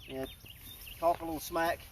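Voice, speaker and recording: A man keeping alligators, explaining them in a relaxed, joking way during an outdoor feeding demonstration. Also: a little high, brisk. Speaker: alligator park keeper. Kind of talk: casual live animal feeding demonstration. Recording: noisy outdoor recording.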